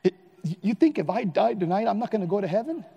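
Shaky, stammering tough-guy ex-con, voice cracked up high, as a male speaker puts him on, heard in a reverberant hall. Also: big pitch swings, quick pace, gravelly, mellow, breathy edge, heavily acted. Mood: scared.

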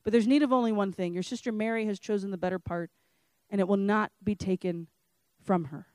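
A woman voicing a gentle male teacher who calmly names a friend's worry and invites her to sit down. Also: mid-range voice, clear, resonant tone, dry recording, pitched below the performer's own voice, close to an everyday voice. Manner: calm, measured, tender.

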